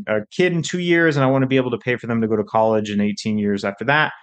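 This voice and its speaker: A man who works as a financial advisor, hosting a casual educational podcast episode and explaining budgeting in a conversational way with frequent restarts. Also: medium pitch. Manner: conversational, with fillers and restarts, quick bursts.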